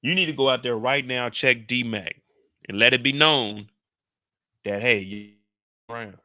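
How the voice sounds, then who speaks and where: A man giving energetic, slangy recap commentary on a TV episode. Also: medium pitch, a little slow, dry recording, studio quality. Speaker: show recap host.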